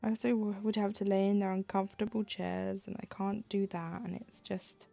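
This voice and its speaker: A woman's voice: medium pitch, flat delivery, normal speed, creaky, mellow, soft background music. A woman chatting casually on a live stream while she stitches, acting out little quoted exchanges with a self-deprecating humor.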